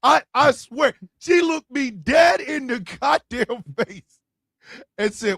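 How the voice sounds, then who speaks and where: A man co-hosting a casual podcast chat, talking with lots of profanity and loudly acting out quotes. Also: very high-pitched, lively intonation, slow, creaky, slightly rough, no room sound, clean studio sound. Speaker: podcast co-host.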